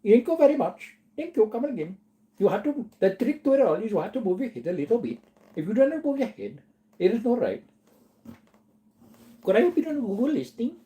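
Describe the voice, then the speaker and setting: A man putting on the voice of a chirpy shopkeeper with a high, bouncy sing-song delivery. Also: lively intonation, brisk, warm tone. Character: chirpy shopkeeper with a put-on accent.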